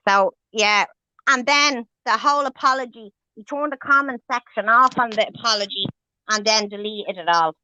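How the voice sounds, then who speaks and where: Hosting a livestream, a woman delivers an angry rant packed with emphatic swearing, her high-leaning voice pushed, bright, clear, and resonant at a moderate pace. The recording is dry, with dull lo-fi stream quality.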